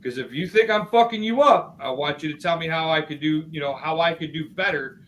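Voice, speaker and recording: A man talking loosely on a podcast, his voice sitting a bit high for a man. He rambles and swears freely, tripping over his words and restarting sentences as he goes. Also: fairly quick, a bit bright, rough recording. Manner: rambling, profane, many restarts. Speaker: podcast co-host. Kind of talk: casual chat.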